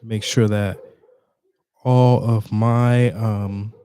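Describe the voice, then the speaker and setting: A man hosting a casual screen-share tutorial, chatty and halting with fillers and restarts, sounding tired. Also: on the low side, little pitch movement, mellow, a little hiss or hum. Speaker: tutorial host.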